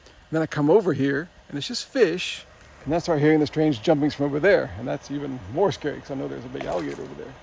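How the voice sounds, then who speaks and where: Guy vlogging outside by a swamp, kinda high voice, mellow, wry jokes at himself. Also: fast talker, vocal fry, slight background noise. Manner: chatty, wry and self-mocking. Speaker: travel vlogger. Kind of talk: casual travel vlog narration. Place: outdoors by a swamp.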